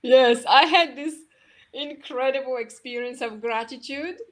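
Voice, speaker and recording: Woman, high and unhurried, soft halting conversational delivery. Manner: soft, halting, many restarts and laughs. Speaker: co-host. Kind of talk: casual spiritual conversation.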